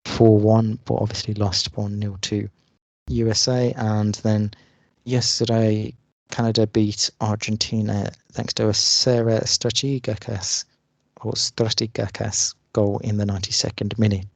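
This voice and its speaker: A man's voice: on the low side, little pitch movement, a little slow, gravelly, no room sound. A man co-hosting a football podcast, running through the news with lots of hesitant "uh" fillers. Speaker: podcast co-host.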